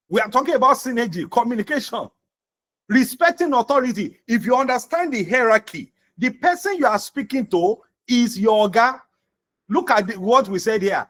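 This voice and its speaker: A man with a Nigerian accent teaching a soft-skills class as a vocational trainer, repeating key points and acting out sample dialogues. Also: high-pitched, very animated, moderate pace. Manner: repetitive, acts out example dialogues.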